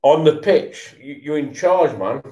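A man's voice: on the high side, animated, a little slow, dark tone, roomy sound. A tipsy man, swearing and stammering through a casual rant while he watches football. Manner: swearing, repetitive, stammering restarts. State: tipsy from beer.

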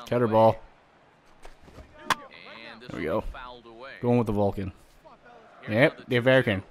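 Dude doing let's play commentary, loud and vulgar, gets excited and rambles. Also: male voice, fairly low pitch, a little slow, pauses often, crowd noise. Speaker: gaming channel host.

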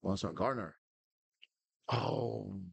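A man's voice: on the low side, slow, vocal fry, slightly rough, dry recording. A man hosting a gaming podcast, giving casual live commentary on his football management game in terse name calls and frustrated curses. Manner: terse, calls out player names, swears when frustrated.

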